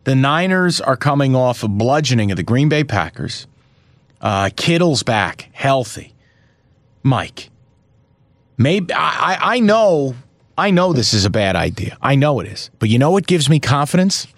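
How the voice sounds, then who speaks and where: Man, betting show co-host, mid-pitched, dry close sound, profane, mock-angry rants. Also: very animated, normal speed, no room sound. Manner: theatrical mock outrage, profane, pitch jumps up sharply when riled. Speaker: sports betting podcast co-host. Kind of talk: casual sports betting chat.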